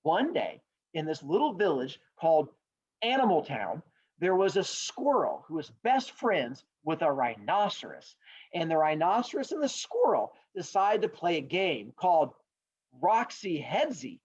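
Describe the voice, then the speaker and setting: A man playing a patient old man who tells a group of kids a fable, in a calm, slow storyteller's voice. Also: fairly high pitch, breathy edge, full character voice. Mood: storytelling. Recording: dull lo-fi sound.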